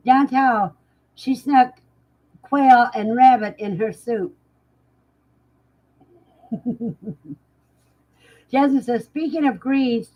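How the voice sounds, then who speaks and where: A woman's voice: on the high side, rough recording. A woman hosting a livestream, casually reading out viewers' comments and answering them, laughing often. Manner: unhurried, chatty, laughs often. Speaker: livestream host.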